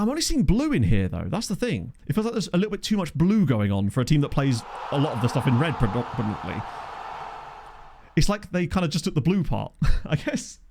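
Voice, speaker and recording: Male streamer, lively sing-song delivery, chatty, reads chat as he plays. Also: a little high. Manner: chatty, reads chat aloud, laughs often. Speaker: streamer playing a football management game. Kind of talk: casual live-stream commentary.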